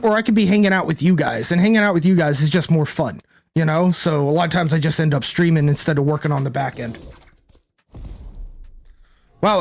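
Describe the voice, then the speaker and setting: A man streaming a card game, rambling and thinking aloud to his chat, swearing casually. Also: high voice. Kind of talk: casual gameplay commentary to chat.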